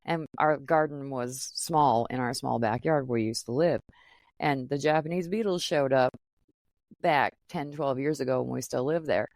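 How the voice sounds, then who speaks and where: Low-voiced chatty woman podcast host. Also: moderate pace, a little mellow, no echo, studio quality. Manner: chatty, tells stories with quoted asides. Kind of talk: casual podcast conversation.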